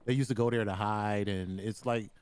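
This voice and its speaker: Laid-back man with a dark low voice. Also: fairly even intonation, moderate pace, smooth. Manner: blunt and laid-back, casual swearing. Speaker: podcast co-host. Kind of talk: casual chat.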